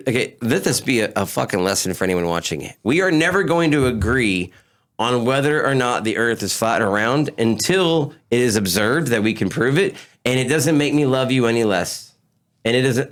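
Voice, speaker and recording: A man hosting a casual podcast debate, talking animatedly, often stammering and swearing. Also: medium pitch. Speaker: podcast host.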